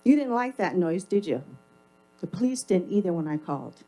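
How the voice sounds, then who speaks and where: A woman's voice: lowish voice, big pitch swings, moderate pace, warm tone, rough recording. A woman giving a public comment at a council meeting, speaking into a podium mic in an emphatic, confrontational and sarcastic way. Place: council chamber.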